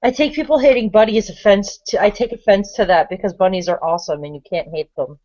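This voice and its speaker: A woman's voice: mid-range voice, fast talker, mellow, dull audio. A woman co-hosting a casual podcast chat, playful and light-hearted. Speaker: podcast co-host.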